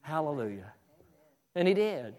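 Fervent high-voiced male preacher. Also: sing-song, measured pace. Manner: fervent, repetitive restarts, exclaims "hallelujah"; builds to shouting. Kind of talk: sermon.

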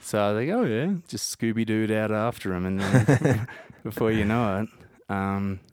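Australian man, chatty and animated. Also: fairly low pitch, moderate pace, smooth, no room sound, studio quality. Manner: rambling, animated storyteller. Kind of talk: casual chat.

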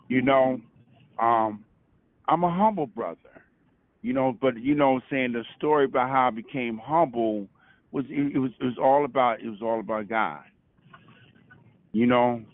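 A man's voice: medium pitch, moderate pace, pauses often. A man from Brooklyn, calling in to share a testimony, full of stammered restarts and "you know what I'm saying". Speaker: caller. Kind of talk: casual testimony on a call. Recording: dry tinny phone line.

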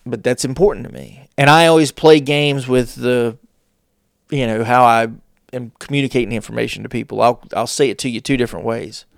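A man hosting a casual advice talk, with deliberate pauses and playful shifts of tone. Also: medium pitch, gravelly, dry recording, studio quality. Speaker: host.

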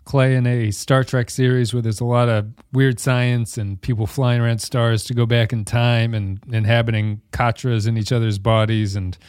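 A man's voice: medium pitch, flat delivery, normal speed, few pauses, a little mellow, clear, resonant tone, no echo, clean studio sound. A man hosting a casual podcast discussion, joking and laughing often as he talks. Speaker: podcast host.

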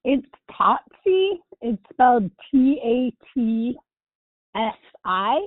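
A woman's voice: a little high, big pitch swings, takes it slowly, dry recording. A woman calling in for the first time to a church phone line, polite and a little shy. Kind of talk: phone call.

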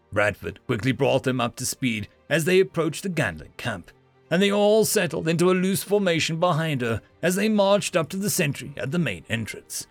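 A man's voice: a little high, vocal fry, dry recording. A man narrating an audiobook expressively, giving each character a voice.

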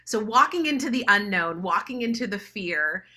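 A woman's voice: medium pitch, lively intonation, normal speed, pushed and bright. A woman telling a personal story in a talk, earnest and emotional, laughing at herself now and then. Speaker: speaker.

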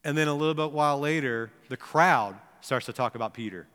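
Male pastor, sermon delivery, bright clear voice, long hall reverb, casual storytelling that goes grave. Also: on the high side, brisk. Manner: conversational storytelling, then grave and hushed.

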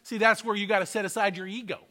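A man's high-pitched voice with little pitch movement comes out fast, pushed and bright. He is a pastor preaching a sermon in a church sanctuary, telling a testimony and emphatically repeating his points.

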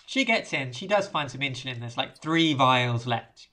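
A woman with a notably low voice talks through a film's plot in a loose, rambling way. She drops in dry, deadpan asides as she goes. It sounds like a casual chat between podcast co-hosts. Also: moderate pace. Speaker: podcast co-host. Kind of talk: casual chat, recapping a film.

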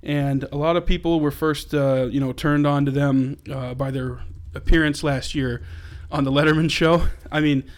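A man's voice: fairly high pitch, fairly even intonation, normal speed, hardly any pauses. A man co-hosting a podcast, enthusiastically introducing a band in casual chat. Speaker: podcast co-host.

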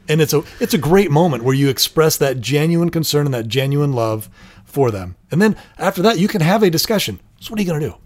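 A man's voice: fairly high pitch, expressive, a little fast. A middle-aged man co-hosting a casual parenting chat, earnest and acting out short example lines. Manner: earnest, acts out little quoted lines. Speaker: parenting show co-host.

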